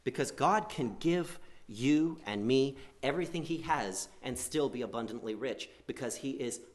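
A man preaching a sermon, swinging between loud emphatic lines and quiet asides, and acting out quoted prayers. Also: medium pitch. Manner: acts out quoted prayers in a pleading voice.

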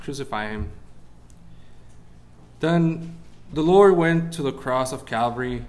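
Man preaching a sermon. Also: medium pitch. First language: Spanish. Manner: searches for English words, rises when preaching.

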